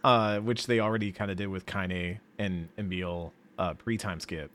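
A man's voice: deep voice, steady tone, normal speed, a bit bright, slight background noise. A man on a podcast speaking earnestly about a game, often stammering and restarting his sentences. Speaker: podcast co-host. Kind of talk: casual podcast chat.

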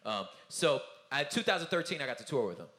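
Speaking fast in a mid-range voice, a man at a conference talkback rambles loosely and conversationally. He's a touring Christian music artist who acts out whoever he quotes and keeps saying "you know what I'm saying," and the event hall sounds roomy around him.

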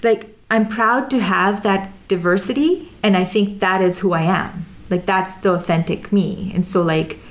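A woman's voice: medium pitch, a little slow, hardly any pauses. A young woman with an American accent, thoughtfully telling her own story in an interview. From Sudan, raised in Dubai and Jeddah. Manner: thoughtful, with frequent restarts and "you know". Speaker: interview guest. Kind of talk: reflective conversational storytelling.

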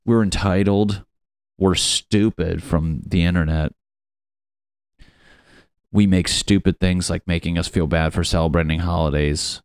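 A young man riffs in a loose, rambling rant, swearing constantly and tripping over fillers. His voice sits low. The sound is dry and close, with no room around it. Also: fairly even intonation, unhurried, pauses often, smooth, no echo. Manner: profane, rambling, ranting with frequent fillers.

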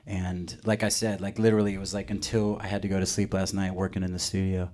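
A man's voice: deep voice, flat delivery, fast talker, darkish tone. A man in his thirties, a musician guest on a live radio show, telling rambling stories with jokes. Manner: rambling, joking storyteller. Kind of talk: live radio interview, casual chat. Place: radio studio.

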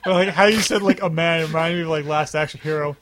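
A man hosting a casual movie commentary, animated and quick to laugh. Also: on the high side, noisy background. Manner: animated, laughs often, jumps into quoted voices. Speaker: host.

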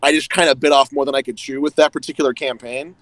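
A man's voice: medium pitch, fairly even intonation, fast talker, a bit bright, dry recording, low-quality recording. Chatty man with a dry close sound. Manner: rambling, heavy use of "like", laughs often. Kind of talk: casual chat.

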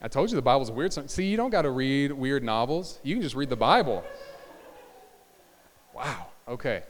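A man preaching a sermon as a pastor in a church, animated and joking with asides to the congregation. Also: mid-range voice, normal speed, a little hiss or hum. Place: church sanctuary. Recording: church hall reverb.

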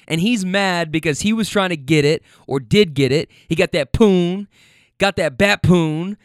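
A young man with a slightly higher voice tells a rambling story and acts out each character's lines. His delivery is animated, with laughter breaking in. The recording is close and dry, with no room sound. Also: a little slow, no room sound. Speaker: storyteller recounting a rideshare passenger story. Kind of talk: casual storytelling.

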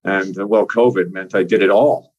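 Low husky newfoundland guy chatting on a call, lots of ums, kinda muffled lo-fi audio. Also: fairly even intonation, normal speed, a crowd in the background. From Newfoundland, Canada. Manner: chatty, many fillers and restarts. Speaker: government minister, podcast guest. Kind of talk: casual interview talk. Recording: dull lo-fi remote audio.

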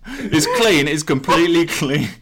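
A man's voice: a little high, sing-song, unhurried, fairly bright tone, a little hiss or hum. A man co-hosting a podcast, quizzing his co-host on dialect words and acting them out in phrases, laughing often. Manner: playful, laughs a lot, reads words out then acts them in phrases.

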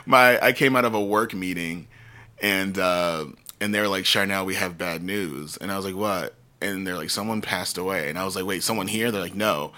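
He's a low-pitched podcast co-host with a sharp tone, talking at an ordinary speed. Expect casual banter, animated stories and plenty of laughing.

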